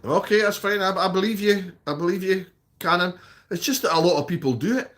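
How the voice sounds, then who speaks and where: A man's voice: sits high, fairly quick, fairly bright tone. A Scottish man chatting casually on a live stream, reading out viewer comments and answering them. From Scotland.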